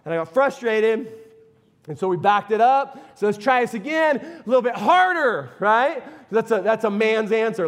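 Middle-aged man, pastor, very high-pitched, animated conversational sermon with sudden shouts. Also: moderate pace. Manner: animated, conversational, asks the congregation questions, bursts into shouts. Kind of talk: sermon with personal story.

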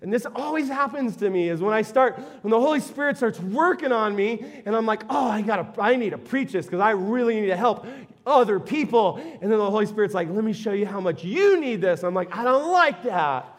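A middle-aged male pastor preaching a sermon with a personal story, talking conversationally, asking the congregation questions and breaking into sudden shouts. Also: sits high, expressive, fairly quick.

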